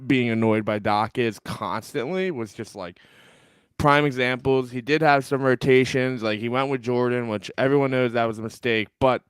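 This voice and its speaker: Philly guy on a sports pod, smooth clear voice, jokey and sleepy, dry close mic. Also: mid-range voice, moderate pace, no echo. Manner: jokey, sleepy, talks over co-host. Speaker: podcast co-host. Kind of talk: casual sports chat.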